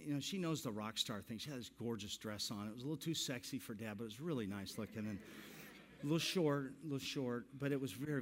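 A pastor in his sixties telling a self-mocking story in a sermon, animated and laughing through his lines. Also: mid-range voice. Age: 60s.

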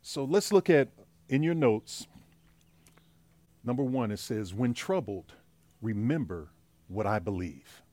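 A male pastor preaching in a relaxed, storytelling manner, his pitch rising and falling with lively movement. His voice sits at an ordinary middle height. The sound is close and dry, with little room echo. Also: takes it slowly, long pauses. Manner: storytelling, conversational preaching with a joke. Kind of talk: sermon. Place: church.

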